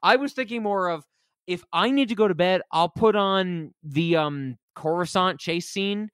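A man co-hosting a casual film podcast, excitable and jokey, mocking scenes with exaggerated quotes. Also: sits high, unhurried, smooth, dry recording. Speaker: podcast co-host. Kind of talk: casual comedic film discussion.

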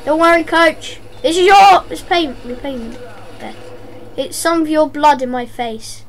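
Playing a game, a female commentator jokes casually in a worn-out voice that sits high, at a normal speed. She yelps and shouts whenever something scares her, in true let's-play style.

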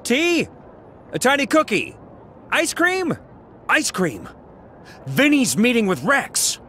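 An actor playing an eager, slightly awkward young police officer in an animated cartoon. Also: male voice, extremely high pitch, takes it slowly, slight background noise, heavily acted. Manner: lively, eager and a bit awkward. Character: eager young male cop.

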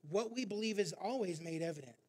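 A man's voice: high voice, animated, fast talker, a little mellow, slightly rough. A male pastor preaching a sermon, narrating a story with frequent filler words.

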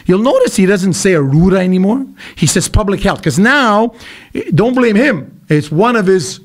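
A middle-aged man from Quebec, telling stories as a podcast guest in an animated, emphatic way with blunt asides. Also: high-pitched, moderate pace. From Quebec, Canada. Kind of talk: casual podcast conversation.

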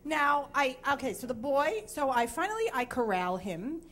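A woman's voice: sits high, lively intonation, moderate pace, fairly bright tone. A woman in her thirties telling a frank, self-deprecating comic story on stage before a live audience, sounding sleep-deprived.

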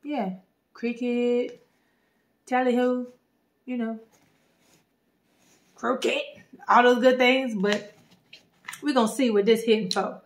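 A woman vlogging a casual drink review, playful and slangy with sudden animated bursts. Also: on the high side, takes it slowly, pauses often. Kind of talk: casual chat.

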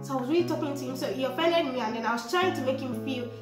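A young woman, talking casually to her viewers about self-improvement, chatty and animated. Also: sits high, very fast. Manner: chatty, animated, raises voice when emphatic. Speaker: vlogger. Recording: echoey room with music behind.

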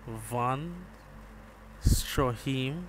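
Slow-talking man streaming a game. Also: medium pitch, a little hiss or hum. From Jamaica. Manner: laid-back, chats with viewers, calls them bro. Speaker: gaming streamer. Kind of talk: live gameplay commentary.

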